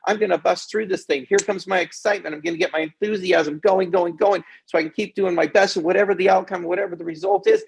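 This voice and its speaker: Gravelly, husky-voiced man coaching kids. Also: high voice, fast talker, hardly any pauses. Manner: energetic, repeats "okay?" often. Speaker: kids' confidence coach. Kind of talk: motivational talk to kids.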